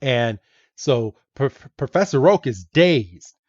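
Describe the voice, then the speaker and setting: A man's voice: medium pitch, expressive, no echo, muffled recording. A man hosting a podcast, recapping a comic aloud in a chatty way and correcting himself as he goes. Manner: slow, chatty, self-correcting. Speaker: podcast host.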